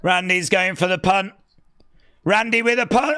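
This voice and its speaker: A man's voice: high-pitched, very animated, a little slow, creaky, sharp tone, dry recording, studio quality. A middle-aged man hosting a live wrestling watch-along who rants sarcastically and with exasperation while he reacts. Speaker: live stream host.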